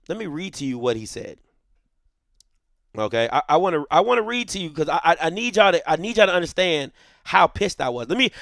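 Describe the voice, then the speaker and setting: High, bright-voiced man telling a heated story. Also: gravelly, no room sound, studio quality. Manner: heated, emphatic retelling with quoted dialogue. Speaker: show host. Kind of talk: animated storytelling on a live show.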